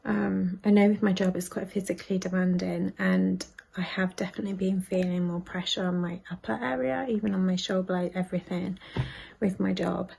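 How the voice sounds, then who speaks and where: Hushed husky woman confiding worries. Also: on the low side, steady tone, a little fast. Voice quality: husky, gravelly. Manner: hushed, half-whispered, worried. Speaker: vlogger. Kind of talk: personal vlog confiding to camera.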